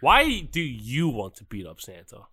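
Male player, animated pitch, deadpan jokester. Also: unhurried, slightly rough. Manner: joking, deadpan conspiracy talk. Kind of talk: casual tabletop game chat.

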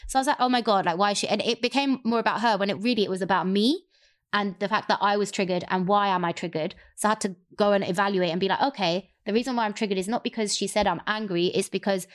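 A young woman telling a personal story candidly in a casual chat. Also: medium pitch. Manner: candid, rapid, expressive storytelling. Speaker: guest sharing a personal story.

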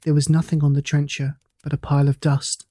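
Mellow, measured storybook narrator. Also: mid-range voice, breathy edge, no room sound. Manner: measured, even storytelling delivery. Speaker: audiobook narrator. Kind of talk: scripted narration of a classic ghost story.

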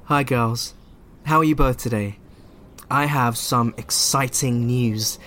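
A man's voice: medium pitch, slow pace, fairly bright tone, slight background noise. A young man leaving a pompous, self-important voice note in a preachy tone. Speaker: church group leader leaving a voice note. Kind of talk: comedic voice-note monologue.

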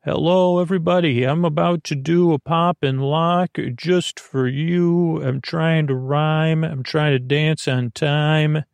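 Cocky rhyming dancer monk, played by a man; slow, gravelly delivery, dry. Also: fairly high pitch, fairly even intonation, dry recording. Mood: showing off. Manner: boastful, sing-song rhyming. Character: show-off young male break-dancing monk.

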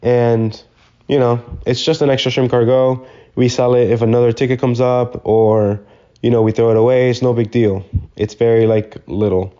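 A man's voice: medium pitch, level tone, normal speed, mellow, highs cut off. A young man hosting a podcast alone, telling a story in a rambling, casual way and swearing freely. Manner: rambling, swears freely, loose slangy talk. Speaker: podcast host.

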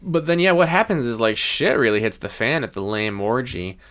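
A man co-hosting a podcast, casually chatting through a film and retelling its scenes in a lively way. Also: mid-range voice, moderate pace. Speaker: podcast co-host. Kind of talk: casual movie-review chat.

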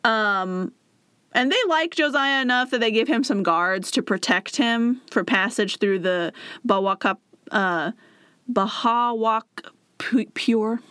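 A woman's voice: a little high, takes it slowly, a bit bright, clear, resonant tone, dry recording, clean studio sound. Chatty young woman retelling a story. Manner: chatty, full of fillers and acted asides. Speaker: podcast co-host. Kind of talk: casual chat retelling a campaign story.

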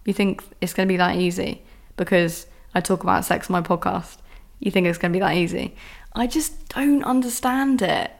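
A woman's voice: lowish voice, normal speed, creaky. A young woman hosting her own podcast, ranting casually about dating and swearing often. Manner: exasperated, swears often, mimics men's voices. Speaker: podcast host. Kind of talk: casual solo podcast rant.

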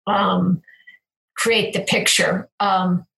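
A woman's voice: fairly low pitch, little pitch movement, very slow, creaky, fairly bright tone, low-quality recording. Woman, ex-hospital chaplain, conversational guest; sincere, spiritual, rambling delivery. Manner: earnest, spiritual, meandering with frequent restarts. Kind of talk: casual conversational storytelling.

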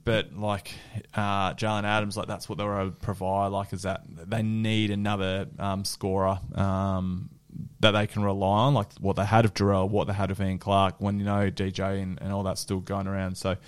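A man's voice: deep voice, level tone, moderate pace, clean tone. A male podcast co-host in casual sports chat, rambling with lots of fillers and restarts.

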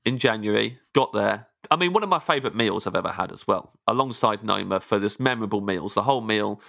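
A gravelly, bright-toned English man tells self-deprecating stories in a loose podcast chat. His restarts pile up as he goes. The recording is dry and close, with no room sound. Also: fairly low pitch, lively intonation, fast, no echo. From England. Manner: rambling, self-mocking anecdotes with stumbling restarts. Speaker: comedian guest.

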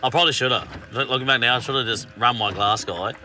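A man's voice: medium pitch, quick pace, distant mic. A man, a podcast guest, telling a story in casual, swearing, laughing chat. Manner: swearing, laughing, animated retelling.

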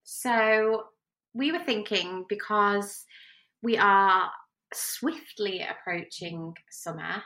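A woman in her thirties co-hosts a podcast in a relaxed, candid way. Her voice has a bright, forward ring to it. She chats openly and laughs easily. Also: mid-range voice, takes it slowly. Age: 30s. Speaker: podcast co-host. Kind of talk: casual chat.

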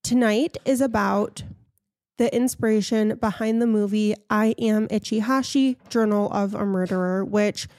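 A woman's voice: medium pitch, fairly even intonation, a little slow, a little mellow, no echo, clean studio sound. A woman hosting a casual podcast, frank and opinionated, telling a story to her co-host.

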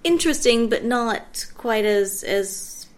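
A woman with a somewhat high voice co-hosts a loose, joking podcast chat. She reads entries aloud and breaks into laughter often. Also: expressive, slow. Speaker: podcast co-host. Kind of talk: casual chat.

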